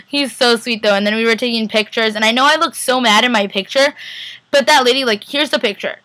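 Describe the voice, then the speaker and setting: A woman's voice: on the high side, fast, bright, forceful tone, no echo. A young woman vlogger casually rambling through a recap, full of "like" and acted-out quotes. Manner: rambling, heavy use of "like", acts out quotes.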